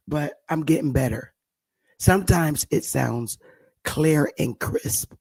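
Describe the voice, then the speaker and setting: A woman hosting a casual livestream, hoarse while her voice recovers, talking softly and greeting viewers by name. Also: sits low, slow pace, dry recording. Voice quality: gravelly, husky. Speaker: livestream host.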